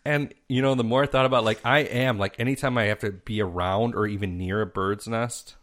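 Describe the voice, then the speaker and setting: A man with a somewhat low voice chats casually with a friend. He tells stories in a deadpan way and jokes dryly. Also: fairly quick. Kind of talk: casual chat.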